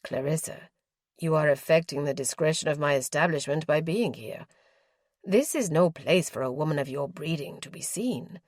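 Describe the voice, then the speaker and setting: A woman voicing a tall, commanding male gaming-house owner with a sharp, irritated manner. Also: low voice, moderate pace, no echo, clean studio sound. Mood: stern.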